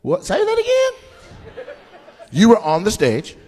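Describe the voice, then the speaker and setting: A stand-up comedian working the crowd on a club stage, his high voice leaping all over as he mocks and acts out little voices. He talks in an unhurried way, with a faint murmur of the room behind him. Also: slight background noise. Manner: loud, animated, mocking, acts out voices. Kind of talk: live stand-up crowd work.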